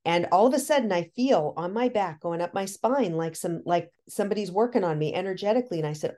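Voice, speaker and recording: A woman with a fairly low-pitched voice tells a personal story to a podcast host. She talks in animated, excited bursts, restarting her sentences often. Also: quick pace, few pauses. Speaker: podcast guest. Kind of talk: casual storytelling.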